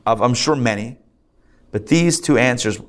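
A man, a rabbi, teaching a live class in a conversational, lively way, asking rhetorical questions and adding asides. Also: mid-range voice, normal speed. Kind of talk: live lecture to a group. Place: live class in a synagogue learning center.

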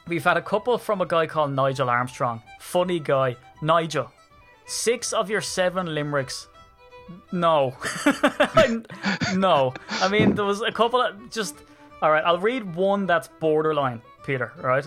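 A man's voice: fairly high pitch, a bit bright. A man with an Irish accent, hosting a podcast in rambling, jokey casual chat. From Ireland. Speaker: podcast host.

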